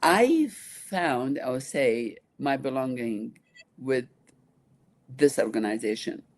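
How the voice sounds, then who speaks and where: Iraqi-accented woman in her sixties, sincere interview guest, talks in halting bursts with restarts. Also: very deep voice, expressive. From Iraq. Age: 60s. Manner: halting, earnest, restarts often. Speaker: guest, nonprofit founder. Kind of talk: interview conversation.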